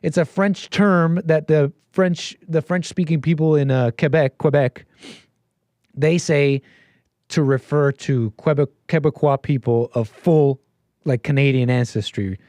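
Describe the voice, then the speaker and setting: A man's voice: a little high, fairly even intonation, unhurried, dark tone, dry recording. Man hosting a call-in stream, dry close sound. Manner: meandering, searching for words. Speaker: call-in show host. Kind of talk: casual call-in talk.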